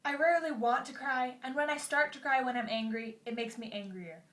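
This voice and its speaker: A woman's voice: sits high, fairly quick, fairly bright tone. A young woman chatting casually to her camera, telling stories in a chatty, self-mocking way. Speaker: vlogger. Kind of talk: casual vlog storytelling.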